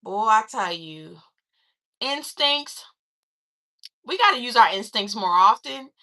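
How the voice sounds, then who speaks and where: A woman chatting through a casual movie recap, acting out quoted lines in a lively, conversational way. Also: a little high, slow pace. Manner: chatty, animated retelling with quoted voices. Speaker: film reviewer.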